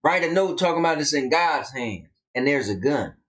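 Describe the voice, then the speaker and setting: A man with a Southern US accent chats on a casual live stream. His voice sits high and swings widely in pitch. He drawls and leans hard on his words as he tells a story. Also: lively intonation, moderate pace, fairly bright tone. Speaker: co-host.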